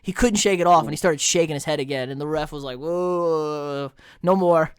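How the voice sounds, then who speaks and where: A man co-hosting a sports podcast, retelling fights in an animated, chatty way with lots of fillers. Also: fairly high pitch, fast talker, clear, resonant tone, no echo, studio quality. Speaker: podcast co-host. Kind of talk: casual sports chat.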